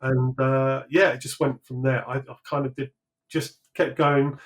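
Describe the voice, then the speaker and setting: A man's voice: medium pitch, level tone, a little slow, rough recording. A British man, likely in his thirties, talking through his career in a casual interview, rambling with many fillers and restarts. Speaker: sculptor guest.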